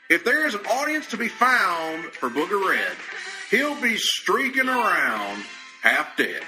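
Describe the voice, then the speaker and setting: A man's voice: sits high, poor audio. A man doing an impression of an older wrestling announcer with a drawl, rambling and half singing comic parody lyrics over music. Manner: drawling, rambling, with throat-clearing and hesitant "uh"s. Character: older male wrestling announcer, folksy and grumbling. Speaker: podcast host.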